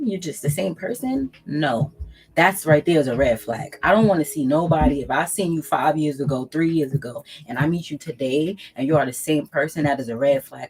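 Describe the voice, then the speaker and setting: A woman with a low, husky voice talks straight to her viewers as a tarot reader. She preaches her advice with emphasis, hammers key phrases by saying them again, and drops casual curse words along the way. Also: darkish tone, rough recording. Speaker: tarot reader and channel host. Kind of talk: casual spiritual advice monologue to camera.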